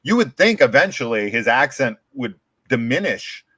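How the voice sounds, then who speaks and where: A man's voice: mid-range voice, big pitch swings, moderate pace, bright, forceful tone, slightly rough, no room sound. An American man chatting casually as a podcast host, rambling with lots of "like" and restarts. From United States. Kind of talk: casual chat.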